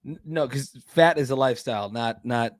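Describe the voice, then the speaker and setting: A man's voice: mid-range voice, moderate pace, no room sound. A man co-hosting a podcast, joking and cursing in casual banter. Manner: joking, profane interjections. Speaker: podcast co-host.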